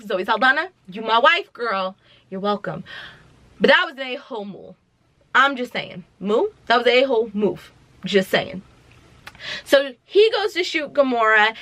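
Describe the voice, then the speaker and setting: Chatty, bright-voiced young woman vlogger. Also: on the high side, no echo. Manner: chatty, dramatic, slangy. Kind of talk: casual movie recap.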